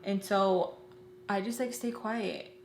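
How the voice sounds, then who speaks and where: A woman's voice: medium pitch, steady tone, a little mellow, slight background noise. A woman vlogger telling a personal story in a casual, emotional way, with many fillers. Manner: emotional, rapid retelling full of "like". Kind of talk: casual storytime while doing makeup. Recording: roomy echo.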